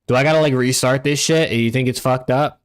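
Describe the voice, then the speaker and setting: A man's voice: mid-range voice, steady tone, fairly quick, smooth. Young guy streaming from home, chill and cussing, talking to chat on his desk mic. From United States. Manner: laid-back, profane, talks to chat and reads out usernames. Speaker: streamer hosting a watch party. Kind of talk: casual live-stream chat.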